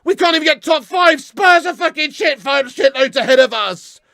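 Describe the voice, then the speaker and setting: A young man in a furious, heavily sweary ranting reaction video, often shouting as he addresses his viewers. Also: extremely high pitch, animated, normal speed, gravelly, no echo, clean studio sound. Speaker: fan reaction host.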